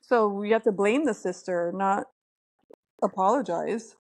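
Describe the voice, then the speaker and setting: A woman's voice: mid-range voice, measured pace. A woman co-hosting a casual podcast chat about reality TV, opinionated and emphatic, laughing often. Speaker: podcast co-host.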